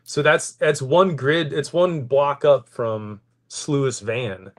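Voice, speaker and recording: A man co-hosting a casual podcast, excitable and quick to say "dude.". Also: medium pitch. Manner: excitable, says "dude" a lot. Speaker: podcast co-host. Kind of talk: casual chat.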